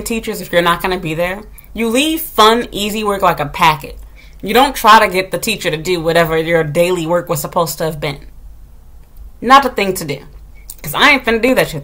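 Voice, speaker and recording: Blunt, profane woman venting. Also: medium pitch. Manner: animated, gets loud when retelling scolding. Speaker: substitute teacher. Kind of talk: casual storytelling rant to camera.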